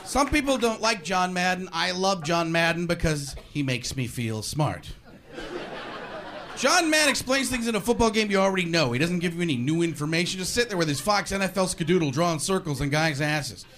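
A male stand-up comedian works through a sarcastic routine in a fairly high voice, jumping into voices as he goes. Steady noise sits under the live recording. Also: brisk. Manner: sarcastic, animated, acts out voices. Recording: noisy live show recording.

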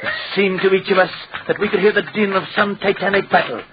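A scheming dollmaker played by a man gives his testimony dramatically, in a slightly high voice. The recording is dull and lo-fi, with clear hiss, as on an old radio broadcast. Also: fairly even intonation, quick pace, lightly acted. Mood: telling.

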